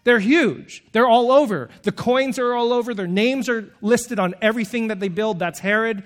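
A man preaching a sermon in an animated way, acting out the voices he quotes. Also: very high voice, moderate pace.

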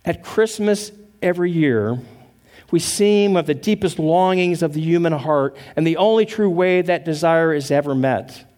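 A man preaching a Christmas sermon as pastor, telling a story earnestly and praying in a hushed voice. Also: a little high, normal speed.

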